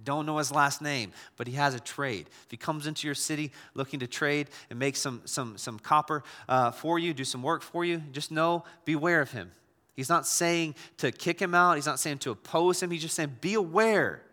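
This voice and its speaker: Bright-voiced male pastor in a reverberant hall. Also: fairly high pitch, normal speed. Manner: conversational, with frequent restarts and repeated words. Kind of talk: sermon.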